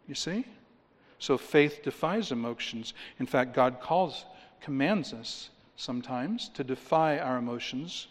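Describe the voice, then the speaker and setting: A man preaching a sermon, emphatic, reading scripture aloud and firing rhetorical questions at his listeners. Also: a little high. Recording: long reverb of a large hall.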